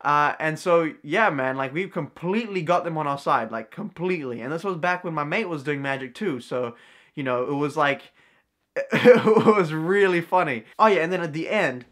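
A man's voice: on the high side, lively intonation, moderate pace, fairly bright tone. Brief: young male vlogger, light voice, loose slangy storytelling full of fillers. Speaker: vlogger and card magician. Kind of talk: casual storytelling to camera.

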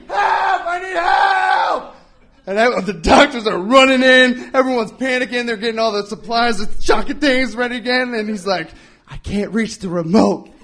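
High-voiced man doing animated stand-up. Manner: animated storytelling, acts out characters with shouts and whispers. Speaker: stand-up comedian. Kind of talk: stand-up comedy set. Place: live podcast event before an audience.

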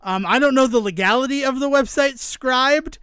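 A man co-hosting a podcast in casual chat, animated, laughing often and acting out quoted exchanges. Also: extremely high pitch, moderate pace, smooth, no room sound, clean studio sound. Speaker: podcast co-host.

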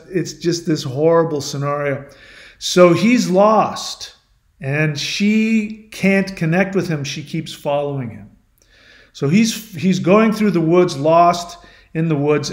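A man hosting his channel, telling a myth as a lesson in a conversational way, with explanatory asides to the listener. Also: fairly high pitch. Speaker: channel host. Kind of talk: storytelling, retelling a myth as a lesson. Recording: roomy echo.

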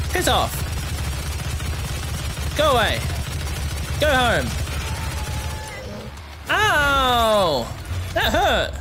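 A gamer giving let's play commentary, joking, swearing freely and talking back at the enemies on screen. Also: mid-range voice. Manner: joking, talks to the enemies and the game. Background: game music.

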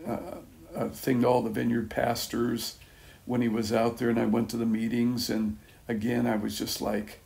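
An older man giving a casual spoken testimony to a small church group, rambling and halting with many restarts and soft chuckles. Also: medium pitch, vocal fry. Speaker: speaker at a church gathering.

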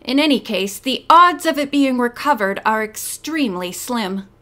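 A woman reading the lines of a smooth, patronizing male organizer in an audiobook, in a soothing, reassuring manner. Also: fairly high pitch, lively intonation, normal speed, sharp tone.

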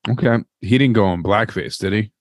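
A man playing a skeptical male podcast interviewer who answers with flat, short interjections. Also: fairly low pitch, fairly quick, pitched below the performer's own voice, close to an everyday voice. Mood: deadpan.

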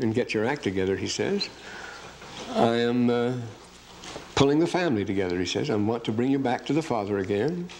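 A man's voice: mid-range voice, darkish tone, slight background noise. Man lecturing, rambling and self-correcting. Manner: rambling, self-correcting, fumbles for verse numbers; reads scripture aloud with emphasis. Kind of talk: classroom scripture lecture.

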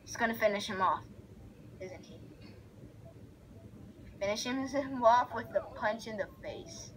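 A young woman giving rambling, excitable let's play commentary as she narrates a game aloud. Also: a little high, measured pace, a little hiss or hum, poor audio. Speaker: gamer.

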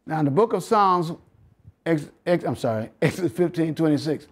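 A man's voice: a little high, expressive, moderate pace, slightly rough. A man with a Southern American accent giving an interactive Bible health lesson, preaching and coaxing the audience with questions and chuckles. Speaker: health lecturer.

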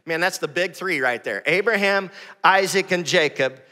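High-pitched energetic preaching man, echoey hall. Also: normal speed. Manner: energetic preaching, reads scripture aloud. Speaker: pastor. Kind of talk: sermon. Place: church sanctuary with congregation.

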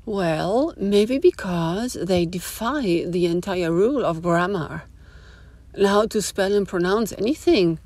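A woman's voice: on the low side, expressive, takes it slowly, darkish tone, no echo. Rambling opinionated woman, dry close sound. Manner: rambling, opinionated, with frequent asides. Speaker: vlogger. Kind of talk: casual monologue to camera. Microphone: small phone camera.

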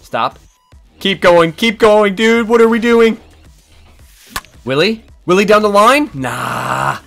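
Excitable man yelling over a baseball game. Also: high voice, takes it slowly, vocal fry, soft background music. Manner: swings from muttering to yelling, swears a lot. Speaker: gaming YouTuber. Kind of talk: excited live gameplay commentary.

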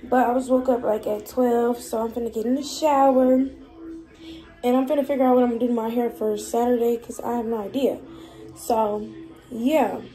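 Slangy woman vlogging over loud music. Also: on the high side, fairly even intonation, rough recording. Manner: quick, slangy, casual. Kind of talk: casual chat to camera. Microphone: phone camera. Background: loud music from another room.

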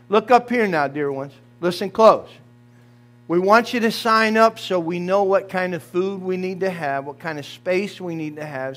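A man preaching to his congregation in a folksy, direct way. His voice sits a little high. A low mains hum runs underneath the recording. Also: fairly bright tone. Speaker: pastor. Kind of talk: sermon.

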